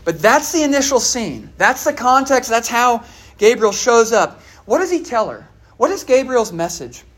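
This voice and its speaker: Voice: medium pitch, sing-song, normal speed, fairly bright tone. A preacher giving a sermon in a conversational way, asking the listeners questions and often saying "all right" and "uh". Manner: many fillers like "all right" and "uh".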